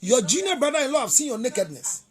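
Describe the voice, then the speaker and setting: A man's voice: very high-pitched, sing-song, fast, fairly bright tone, husky. A man with a Ghanaian accent hosting an advice show as a relationship counselor, emphatic and repetitive as he lectures. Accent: Ghanaian English.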